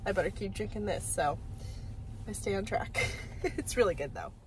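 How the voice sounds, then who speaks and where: A woman's voice: medium pitch, moderate pace, faint music behind. Chatty congested woman vlogger. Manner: chatty, laughs often. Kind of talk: casual vlog narration.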